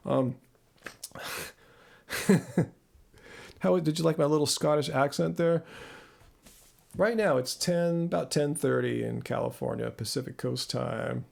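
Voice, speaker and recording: A chatty man in his thirties with a slightly high voice and a gravelly fry. He rambles through viewer questions in a loose, self-deprecating way, like a casual live stream. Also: a little slow, pauses often, darkish tone. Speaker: host.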